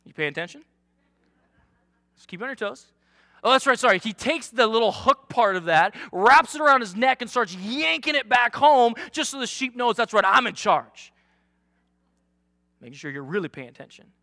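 A young male youth pastor preaching with a very high, bright voice. He jokes at his own expense and keeps up lively, energetic momentum. The sound is close and dry. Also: brisk, no echo. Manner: energetic, joking, self-deprecating. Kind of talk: sermon.

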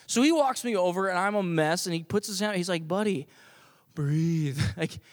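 A man telling a personal story to an audience in an animated, self-deprecating way, full of fillers and restarts. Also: high-pitched, fast. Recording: long hall reverb.

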